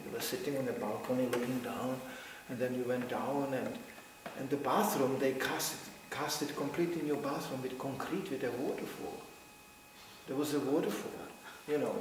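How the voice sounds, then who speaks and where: In an echoing hall, a man with a mid-range voice speaks a little fast, recalling memories for a devotional gathering. He laughs often and acts out quotes as a lively storyteller. The background is noisy, the room very reverberant, the mic distant.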